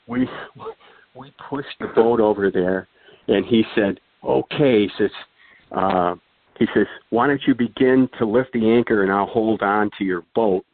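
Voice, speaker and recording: An older man tells his stories in a loose, rambling way, stopping to restart and adding "uh" and "anyway." His voice sits a little low. The sound is dry and narrow, like it comes over a phone line. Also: dry recording. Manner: rambling, many fillers and restarts. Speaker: guest storyteller. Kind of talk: casual anecdote telling.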